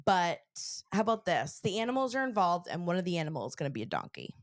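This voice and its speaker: A woman's voice: on the low side, big pitch swings, quick pace, dry recording, studio quality. Bubbly rambling woman podcaster, sick. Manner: bubbly, rambling, lots of fillers. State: sick, recovering. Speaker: podcast co-host. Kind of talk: casual chat. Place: Connecticut.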